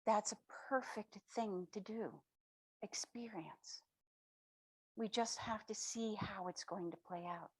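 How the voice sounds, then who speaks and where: A woman voicing the sun as a gentle divine figure in a story she retells, speaking in a calm, patient way. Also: mid-range voice, slow pace, husky, no room sound. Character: kindly all-knowing sun, gentle divine elder.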